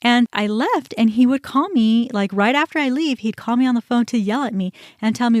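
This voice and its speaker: A woman's voice: on the high side, fairly quick, few pauses, no echo, studio quality. A woman hosting a podcast, telling a personal story in a candid, conversational way. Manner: candid, conversational, animated when recounting. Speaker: podcast host.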